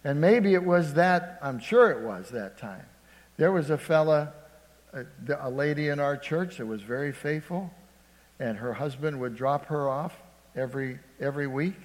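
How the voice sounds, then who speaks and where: A man preaching a sermon as pastor, calling out "Amen?" to the congregation and swinging between loud emphasis and hushed storytelling. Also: fairly high pitch, animated, normal speed. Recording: long hall reverb.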